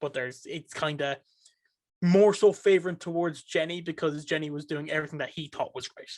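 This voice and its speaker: Man, Irish accent, higher pitch, animated, casual podcast chat. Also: brisk, no room sound, studio quality. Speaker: podcast guest.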